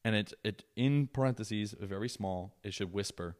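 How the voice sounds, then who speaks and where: A young man with a lowish voice hosts a solo podcast. He rants in a profane, sarcastic way, swinging between loud mock outrage and muttered asides. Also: brisk, hardly any pauses. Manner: profane, sarcastic, animated ranting. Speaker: podcast host.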